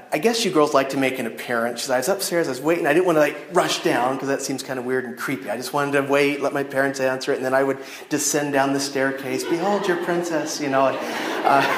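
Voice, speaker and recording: A man giving a storytelling sermon to a youth audience from the stand of a church chapel, talking straight to his listeners. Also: medium pitch. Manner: animated storytelling that addresses the audience directly. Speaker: youth speaker. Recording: echoey chapel room.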